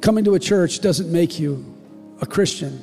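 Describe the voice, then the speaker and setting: A man preaching a sermon as pastor, impassioned and emotional, swinging from loud declarations to hushed lines. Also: fairly high pitch, normal speed, big-room sound, soft background music. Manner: impassioned, rising to shouts and dropping to near-whispers. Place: church.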